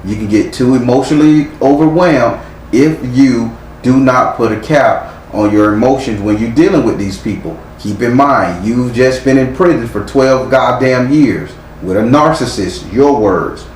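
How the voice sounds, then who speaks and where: A man's voice: medium pitch, normal speed, a little mellow. A man giving a live tarot reading, speaking bluntly and sternly with frequent profanity. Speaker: tarot reader. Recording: echoey room with faint noise.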